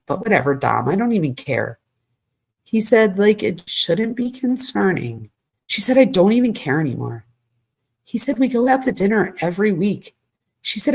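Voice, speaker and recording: A woman's voice: mid-range voice, very animated, moderate pace, vocal fry, darkish tone, slightly rough. A woman commentator reading text messages aloud, breaking in with exasperated asides. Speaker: true crime commentator.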